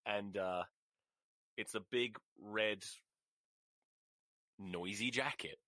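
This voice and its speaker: A man's voice: fairly low pitch, extremely slow, bright, forceful tone, dry recording. A man hosting a casual solo rugby podcast, rambling and exasperated, swearing often, recorded close to the microphone. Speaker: podcast host.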